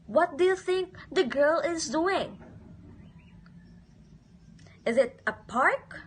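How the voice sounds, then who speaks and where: A woman's voice: high-pitched, lively intonation, slow pace, long pauses, a little hiss or hum. A woman teaching a phonics lesson to young children, asking questions and having them repeat words in a sing-song way.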